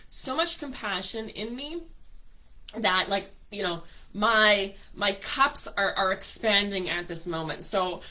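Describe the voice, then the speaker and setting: A woman's voice: mid-range voice, slow pace, bright, forceful tone, poor audio. A woman hosting a live spiritual workshop, gushing and emotional as she greets viewers by name.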